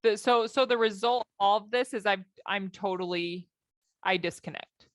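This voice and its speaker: Animated woman life coach, dry sound. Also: mid-range voice, unhurried, no room sound. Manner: animated, acts out her own thoughts in quotes. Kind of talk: coaching talk with personal story.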